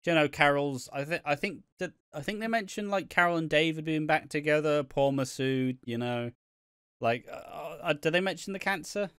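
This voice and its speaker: Sweary laughing man, smooth dry voice. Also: a little high, normal speed, a bit bright, no echo. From Britain. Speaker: podcast co-host. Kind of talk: casual chat.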